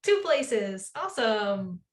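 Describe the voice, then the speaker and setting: A woman's voice: mid-range voice, big pitch swings, slow. A woman leading an online coding workshop over a video call, upbeat and encouraging. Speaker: workshop instructor.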